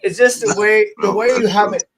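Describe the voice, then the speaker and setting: A man in his thirties hosts a casual chat and tells his own stories in a laid-back way. His voice sits a little higher than most men's. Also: steady tone, brisk, slight background noise. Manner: laid-back, chatty, affirming.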